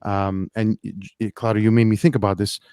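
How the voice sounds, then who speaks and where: A man's voice: on the low side, little pitch movement, brisk, warm tone, smooth, no echo, clean studio sound. A man chatting casually on a podcast, joking with hesitant restarts and swearing. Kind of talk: casual chat.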